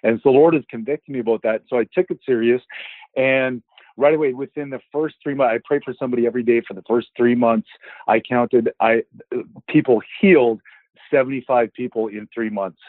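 A man's voice: medium pitch, steady tone, brisk, no room sound. A man sharing a Christian healing testimony in a casual, rambling way, acting out the dialogue as he goes. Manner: rambling storyteller who acts out dialogue. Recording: dry, tinny phone-line sound.

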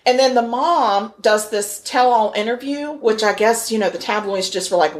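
A woman's voice: on the high side, moderate pace. A woman hosting a casual true-crime chat, joking and laughing often. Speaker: podcast host.

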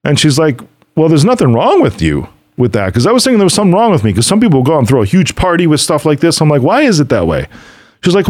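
Animated man telling motivational stories. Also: fairly high pitch, quick pace, no echo, clean studio sound. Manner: storytelling, quotes others and himself; casual, swears now and then. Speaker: podcast host. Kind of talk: motivational monologue.

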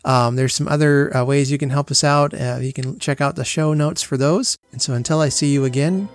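A man's voice: mid-range voice, fairly even intonation, fairly quick, dry recording, soft background music. A man hosting a podcast, speaking in an earnest, reflective way as he tells family stories in a casual monologue. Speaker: podcast host.

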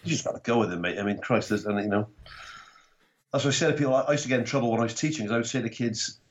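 A man telling rough, sweary comedy anecdotes in a casual chat, a former teacher turned comedian from Wales. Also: medium pitch, racing. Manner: swears freely, blokey and animated anecdotes. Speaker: comedian and podcast guest. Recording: dull lo-fi sound.

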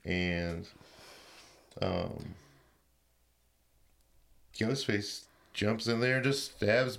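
A man co-hosting a podcast, casually retelling film scenes with quick quoted voices and laughter. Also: fairly low pitch, fairly bright tone, clean tone. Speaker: podcast co-host. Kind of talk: casual chat recapping a film.

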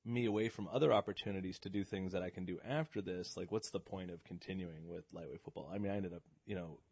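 A middle-aged man from the Boston area telling stories as a podcast guest, animated and often laughing. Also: sits low, quick pace, breathy edge, no room sound. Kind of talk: casual podcast conversation.

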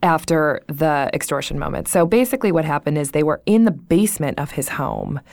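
Brief: young woman podcast co-host, lowish voice, frank and profane, dry close mic. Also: a little fast, gravelly, no room sound. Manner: blunt, profane, laughs often, animated retelling. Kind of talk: casual chat.

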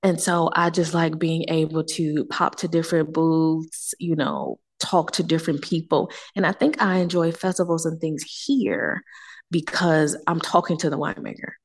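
A woman chatting on a podcast, telling animated stories, acting out quoted people in voices and using casual slang. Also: low-pitched, moderate pace. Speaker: wine tour guest.

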